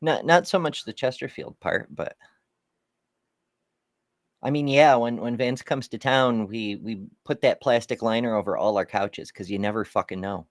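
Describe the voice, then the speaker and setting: A man's voice: medium pitch, moderate pace, dry recording. A man chatting casually as a co-host, who drops dry, wry quips. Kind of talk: casual chat.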